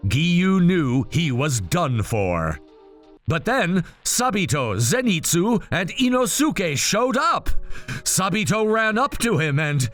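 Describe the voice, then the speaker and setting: A young man casually narrating a fan story in a plain, unhurried way. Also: high voice, big pitch swings, fairly bright tone, faint music behind.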